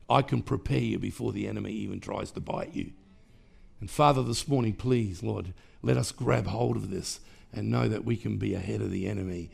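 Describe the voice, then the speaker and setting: A man's voice: mid-range voice, vocal fry, a little mellow, husky. A man preaching a sermon as pastor, emphatic and rhythmic, with repeated phrases and sudden rises in volume. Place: church.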